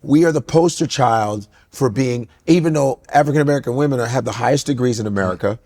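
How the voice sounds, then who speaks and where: A middle-aged man co-hosting a podcast, talking in an animated, ranting way with incredulous outbursts. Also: medium pitch, fast. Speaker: podcast co-host. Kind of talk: casual comedic chat.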